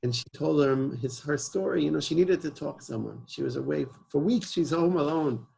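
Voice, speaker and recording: A man with a heavily gravelly, fry-laden voice and a husky edge. He tells his story in an earnest, emphatic way and drops Hebrew words into his English. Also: a little high, fairly quick, darkish tone, poor audio. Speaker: guest, emergency service founder. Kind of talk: personal storytelling in an interview.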